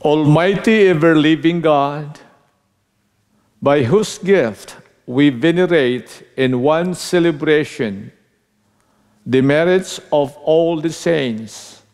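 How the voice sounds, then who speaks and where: A priest leading a prayer at Mass, slow and solemn. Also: male voice, on the high side, darkish tone, clear, resonant tone. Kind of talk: liturgical prayer. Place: large church. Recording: church with long reverb.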